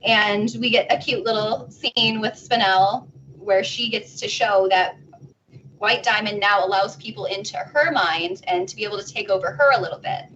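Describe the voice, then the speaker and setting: A woman on a convention panel giving a casual, animated plot recap from home. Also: medium pitch, moderate pace. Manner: animated retelling, acting out characters' lines. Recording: distant muffled home recording, faint noise.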